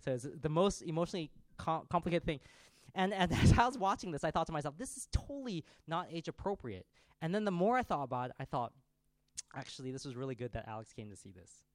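A man in his thirties preaching a sermon, telling a family story in a conversational, animated way. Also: a little high, quick pace, no echo.

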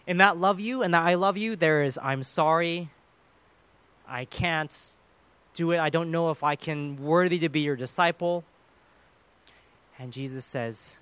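A man preaching a sermon in an earnest way, often dropping to a soft, quiet voice when he acts out quoted words. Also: on the high side, moderate pace.

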